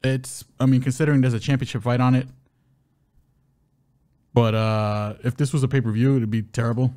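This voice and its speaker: A man's voice: mid-range voice, steady tone, normal speed, mellow. A man co-hosting a podcast, previewing fights in a loose, joking way and stumbling over names. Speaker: co-host of a fight-betting podcast.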